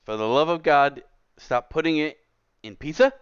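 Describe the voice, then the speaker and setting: A gaming streamer rants from his computer, exasperated and emphatic in a casual way, his voice a little high, clear and resonant at a moderate pace. The recording is dull, lo-fi and dry, with no room sound.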